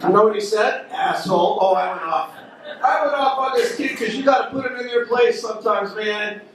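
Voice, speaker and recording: A brash stand-up comedian works the crowd from a comedy club stage, firing off rapid punchlines in a voice that sits high. It was recorded from a distance in the echoey room, so there's background noise and audience laughter.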